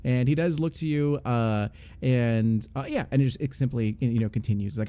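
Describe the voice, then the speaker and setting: A man's voice: medium pitch, normal speed, dark tone. A young man narrating as game master, hesitant and full of fillers.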